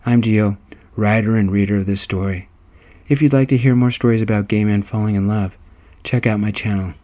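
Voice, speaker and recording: A man narrating a romance story as its writer and reader, in steady, even audiobook narration. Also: fairly low pitch, a little fast.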